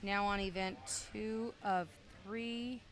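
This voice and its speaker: A woman's voice: medium pitch, fairly even intonation, slow pace. A woman announcing a swim meet, chatty and casual with many fillers, calling lanes and times and calling out to the kids. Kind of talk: live meet announcing over a PA. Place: indoor pool meet. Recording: noisy poolside recording.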